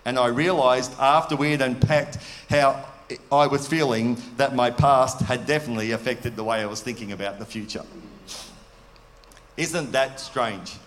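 A man's voice: mid-range voice, moderate pace. A man preaching a sermon in an earnest, conversational way, asking his listeners questions. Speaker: pastor. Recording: long hall reverb.

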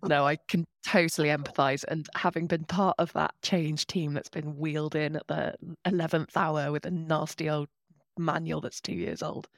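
A woman co-hosting a podcast, speaking in a warm, sympathetic, conversational way. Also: low-pitched, steady tone, moderate pace, no room sound, studio quality. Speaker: podcast co-host. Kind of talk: casual conversational interview.

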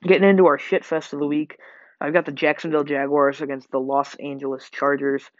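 A man's voice: on the high side, flat delivery, a little fast, no echo. A man hosting a sports podcast, rambling through game predictions with lots of fillers and self-corrections. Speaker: podcast host. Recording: dull lo-fi home mic.

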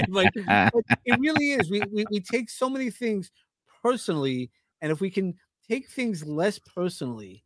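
A man's voice: high-pitched, normal speed, no echo. A man from Brooklyn, chatting casually and telling stories, acting out other people's lines. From Brooklyn, New York. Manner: animated storyteller acting out quotes, many restarts. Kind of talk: casual podcast conversation.

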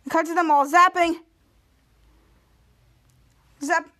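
A woman hosting a podcast, recapping a TV episode in an animated way, acting out the characters' lines with many restarts. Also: extremely high pitch, slow pace. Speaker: podcast host.

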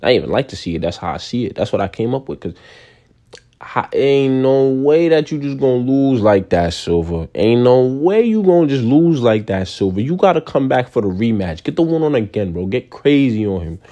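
A young man ranting casually in slang, given to sudden high-pitched outbursts. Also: very animated, normal speed, dark tone, muffled recording. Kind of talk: casual rant to camera.

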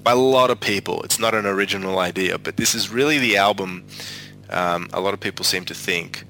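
A man's voice: sits low, fairly quick, bright, forceful tone, low-quality recording. A man hosting a music podcast, talking casually with many fillers and restarts. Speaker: podcast host.

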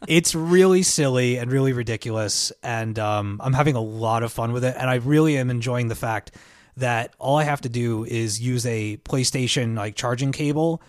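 A man chatting loosely on a podcast, leaning on fillers as he rambles on. His voice is mid-pitched and the sound is dry and close. It feels like relaxed talk between friends. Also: moderate pace, no echo. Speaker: podcast co-host. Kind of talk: casual chat about video games.

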